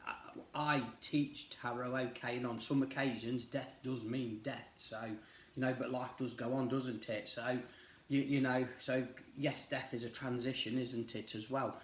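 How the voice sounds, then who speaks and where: A man's voice: mid-range voice, little pitch movement, a little slow, slight background noise. A middle-aged man chats his way through a tarot reading. He rambles, with lots of fillers and restarts. His voice has a roomy echo around it. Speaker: tarot reader. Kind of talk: casual chat while reading cards.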